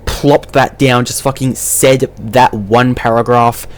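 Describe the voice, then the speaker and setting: A man's voice: mid-range voice, fairly even intonation, slow pace. Exasperated, swearing male commentator. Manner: exasperated, profane, sarcastic. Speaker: YouTube commentator. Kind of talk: ranting drama commentary.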